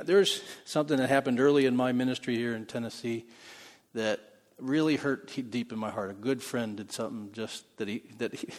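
A male pastor with a husky, slightly breathy voice preaches in a conversational way, often chuckling and shifting between quiet, intimate lines and louder bursts. His voice carries a long reverb, as if filling a large church sanctuary. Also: mid-range voice. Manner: conversational preaching with frequent laughs, swings from soft to loud. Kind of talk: sermon.

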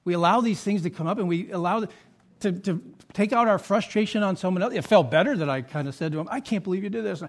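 A man delivering a sermon as pastor, with a fairly high voice for a man. He tells stories animatedly, acting out quotes, and grows soft and low for confessional moments. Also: quick pace. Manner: animated storytelling with acted quotes and asides.

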